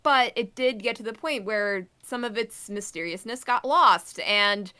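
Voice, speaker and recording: A woman on a podcast talks through her take on a show in a chatty, halting way, with lots of fillers and restarts. Her voice sits a little high and sounds bright. It comes across crisp and clear. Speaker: podcast co-host. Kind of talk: casual review chat.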